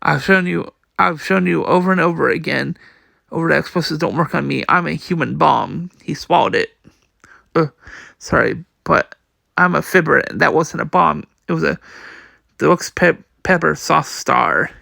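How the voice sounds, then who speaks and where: A man's voice: on the high side, normal speed, vocal fry, bright, forceful tone, no echo, studio quality. A man reading a manga aloud, voicing every part and the sound effects, often stumbling and repeating words. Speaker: comic reader.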